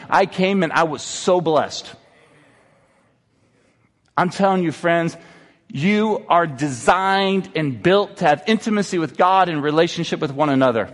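A man's voice: sits high, animated, normal speed, big-room sound. A man in his thirties, a pastor, preaching an earnest sermon that moves from personal confession to exhortation. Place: church sanctuary.

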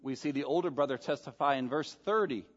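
A male pastor preaching a sermon, emphatic, swinging between loud stresses and soft, quiet asides. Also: medium pitch, fast, slightly rough. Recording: dull sound with long hall reverb.

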